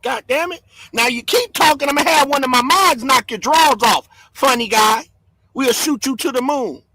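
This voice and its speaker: A man hosting a livestream, yelling and cursing in fired-up commentary from home. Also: extremely high pitch, lively intonation, normal speed, no room sound. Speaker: livestream host.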